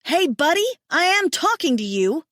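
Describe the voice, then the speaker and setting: A woman voicing a furious, desperate young woman who shouts and demands in an audiobook. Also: extremely high pitch, sing-song, normal speed, dry recording, studio quality, pitched above the performer's own voice, heavily acted. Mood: yelling. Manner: shouting, frantic. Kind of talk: audiobook character voice.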